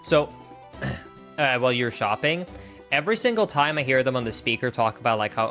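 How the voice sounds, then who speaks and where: A man's voice: medium pitch, animated, moderate pace, sharp tone, faint music behind. A young man, a streamer telling a story in casual chat, rambling with lots of fillers. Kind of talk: casual chat while gaming.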